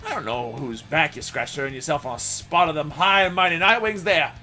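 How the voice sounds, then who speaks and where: A man voicing a sneering, troublemaking dog-man pack leader with a deliberately poor fake British accent. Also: medium pitch, very animated, soft background music, pitched above the performer's own voice, close to an everyday voice. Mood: taunting.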